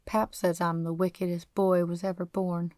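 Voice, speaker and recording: A woman's voice: fairly low pitch, little pitch movement, normal speed, a little mellow, dry recording, clean studio sound, lightly acted. A woman reading an audiobook voices a poor, defiant teenage farm boy who runs away, speaking in earnest folksy backcountry grammar.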